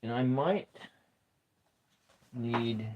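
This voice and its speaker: A man speaking at an extremely slow, unhurried pace in a soft ASMR lesson, his pitch sitting in an ordinary middle range. He thinks aloud at his writing desk, counting syllables and spelling words letter by letter. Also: muffled recording. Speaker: ASMR poetry teacher. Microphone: camera set over his desk.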